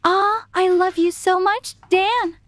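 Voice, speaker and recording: A very high, squeaky voice for a gushing, attention-seeking young woman, played by a woman. She sounds fake-innocent and dramatic, in a storytime cartoon. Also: fairly even intonation, slow, fairly bright tone, no echo, full character voice.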